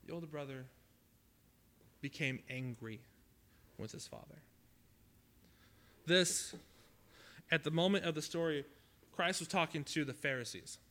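A man preaching a sermon at a youth camp, conversational and dramatic, swinging from loud to hushed. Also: fairly high pitch, measured pace, long pauses.

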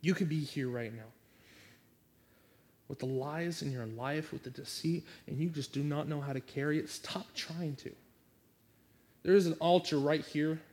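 A man's voice: fairly high pitch, moderate pace, pauses often, darkish tone. A man pastor preaching a sermon and making an earnest, pleading altar call.

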